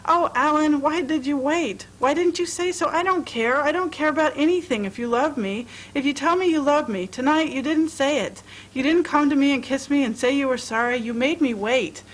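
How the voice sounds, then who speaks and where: A woman's voice: a little high, normal speed, a bit bright, low-quality recording. A woman reading aloud and voicing a tired, lovesick young woman who pleads emotionally.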